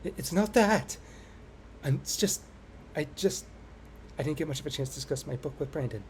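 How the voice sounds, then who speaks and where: A man's voice: on the high side, expressive, normal speed, a little hiss or hum, close to an everyday voice. A man doing a shy stammering schoolgirl. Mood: timid. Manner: soft, hesitant, stammering. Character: shy timid teenage schoolgirl.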